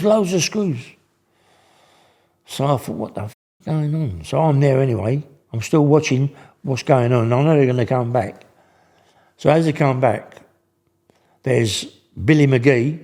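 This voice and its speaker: Sounding darkish in the middle of the male range, an older guest rambles through casual stories. He uses plenty of slang and keeps starting his sentences over.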